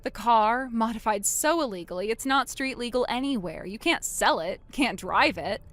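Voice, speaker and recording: A woman voicing a wronged older sister in a text-message story, speaking low, subdued and cold. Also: expressive, moderate pace, a bit bright. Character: wronged older sister, quiet and bitterly calm.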